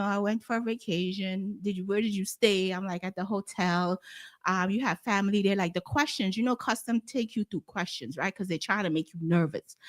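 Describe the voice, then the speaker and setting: A woman's voice: mid-range voice, dry recording, clean studio sound. A woman with a Guyanese accent, telling a story in casual talk and acting out the voices of the people in it. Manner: animated, acts out quoted voices. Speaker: guest.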